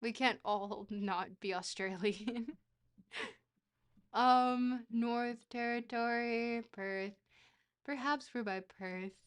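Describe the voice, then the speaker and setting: A woman's voice: a little high, drawn-out words, clean tone. A woman streamer talks her way through a geography guessing game in loose, casual chat. She rambles and jokes, with an easy habit of swearing.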